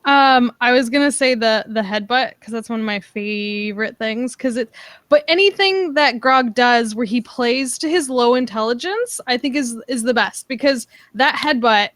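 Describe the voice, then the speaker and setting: Woman guest, high voice, cheerful, dry recording. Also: moderate pace, fairly bright tone, no room sound. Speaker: panel guest. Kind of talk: casual panel chat.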